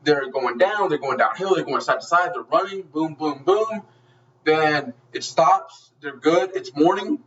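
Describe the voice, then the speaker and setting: A man's voice: a little high, a little slow, hardly any pauses, a bit bright, distant mic, highs cut off. A man giving a casual spoken movie review, gushing and swearing freely as he rambles through the plot with many restarts.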